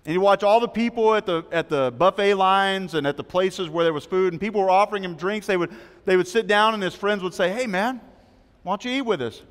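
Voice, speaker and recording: A pastor with a high, clear, resonant voice preaches briskly with few pauses in a church sanctuary, captured with long hall reverb. His sermon tells a story using quoted voices before closing in an earnest appeal.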